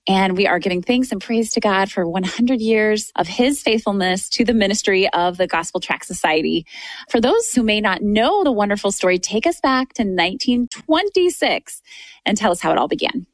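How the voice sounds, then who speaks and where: A woman's voice: mid-range voice, animated, normal speed, no echo. A woman hosting a Christian radio program, speaking in a reverent, welcoming way to her guest. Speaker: radio host.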